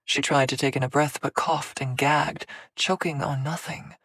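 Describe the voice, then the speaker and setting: A woman narrating a fantasy audiobook in a measured, dramatic storytelling manner. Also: deep voice, fairly even intonation, a bit bright, husky, dry recording. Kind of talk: scripted narration.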